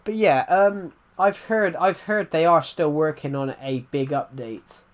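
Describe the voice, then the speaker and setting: Rambling young man streaming, slightly high. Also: unhurried. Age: 20s. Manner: rambling, often restarts and repeats phrases. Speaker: live streamer. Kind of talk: casual live-stream chat.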